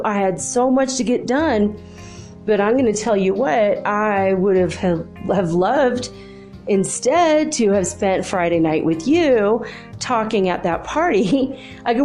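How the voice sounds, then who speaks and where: A woman's voice: mid-range voice, measured pace. A middle-aged woman casually telling a personal story, laughing often and acting out the dialogue. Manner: animated, laughing, acts out dialogue. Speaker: channel host. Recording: faint music behind.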